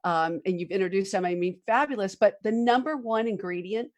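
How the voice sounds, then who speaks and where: A woman's voice: medium pitch, a little fast. Enthusiastic woman hosting a podcast. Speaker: podcast host. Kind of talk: interview conversation.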